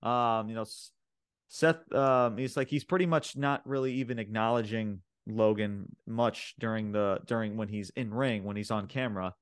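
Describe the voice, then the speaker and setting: A man's voice: fairly low pitch, steady tone, normal speed, smooth, dry recording, clean studio sound. A man co-hosting a wrestling podcast, recapping a show in casual, profane chat full of fillers and laughs. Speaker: podcast co-host.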